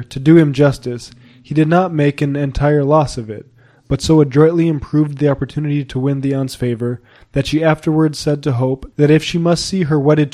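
A man narrating a period novel as an audiobook reader, in a measured, even storytelling manner. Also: a little high.

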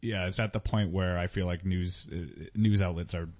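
A man with a somewhat low voice in loose podcast banter. He delivers ironic remarks in a flat, deadpan way. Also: normal speed. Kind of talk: casual comedy podcast chat.

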